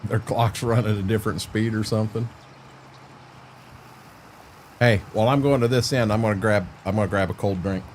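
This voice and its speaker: A man's voice: on the low side, steady tone, quick pace, a little hiss or hum. Rambling folksy man streaming a farm game. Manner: rambling, folksy, talks to chat and his dog. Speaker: livestreamer. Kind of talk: casual livestream chat while gaming.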